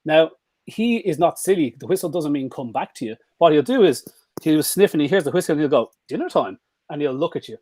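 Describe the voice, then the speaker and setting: A man, a vet giving a live-stream talk on dog training, lively and demonstrative, now and then jumping into a squeaky high voice for an excited dog. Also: fairly quick, no echo.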